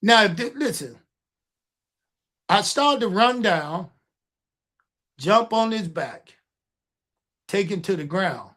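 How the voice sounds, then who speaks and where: High-voiced older man telling a lively story. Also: takes it slowly, pauses often. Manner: animated storyteller, acts out quotes, profane. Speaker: podcast host. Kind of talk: casual storytelling chat.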